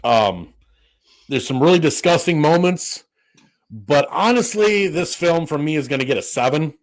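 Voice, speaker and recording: His voice is a little high and animated, at a moderate pace. He's a man co-hosting a podcast, rambling casually through the chat with many fillers and restarts and plenty of free swearing.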